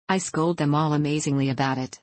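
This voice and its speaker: A woman's voice: deep voice, fairly even intonation, fairly quick, a little mellow, dry recording, natural voice. A woman reading aloud, voicing a gushing, effusive young woman in an audiobook.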